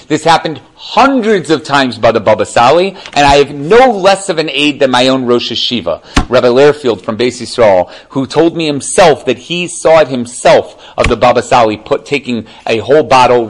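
A man's voice: mid-range voice, a little hiss or hum, rough recording. Man, religious teacher, loose storytelling delivery, keeps asking the group if they follow. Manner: chatty, animated, checks in with listeners. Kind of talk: casual storytelling lesson.

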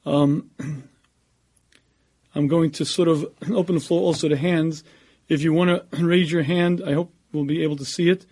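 A rabbi delivers an earnest, emphatic Torah lecture, then takes questions from his audience. His voice sits high for a man, and he keeps clearing his throat as he speaks. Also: fairly even intonation, moderate pace, warm tone. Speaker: rabbi giving a talk.

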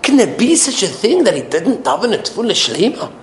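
Male preacher: high voice, swoops widely, emphatic rhetorical style. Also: brisk, a little hiss or hum. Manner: animated, rhetorical questions, emphatic repetition. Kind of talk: sermon with storytelling.

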